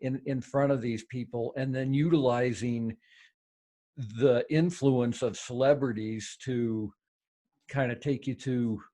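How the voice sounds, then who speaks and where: A man hosting a podcast interview, speaking in a friendly, halting way with repeated words. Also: mid-range voice, fairly even intonation, dark tone. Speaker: podcast host. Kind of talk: casual interview.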